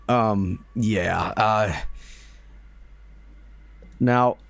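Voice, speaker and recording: A man's voice: fairly low pitch, vocal fry. A man streaming and reacting to videos in casual commentary, rambling with fillers, laughing and swearing.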